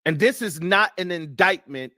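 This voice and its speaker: A man's voice: high voice, moderate pace, bright, forceful tone, no room sound, clean studio sound. A man from the United States hosting a news commentary show, talking bluntly and profanely and telling stories from his childhood. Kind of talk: casual commentary.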